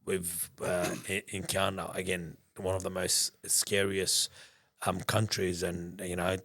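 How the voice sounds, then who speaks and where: A man telling a story in a casual interview, rambling and animated, acting out conversations and swearing freely. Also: low-pitched, measured pace. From Australia. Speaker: business founder, guest.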